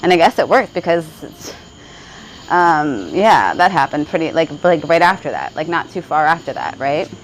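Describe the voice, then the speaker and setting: A woman's voice: low voice, very animated, moderate pace, slight background noise, low-quality recording. A woman vlogger telling a spiritual story in casual, rambling talk, often checking in with "right?" and laughing along the way. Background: faint crickets.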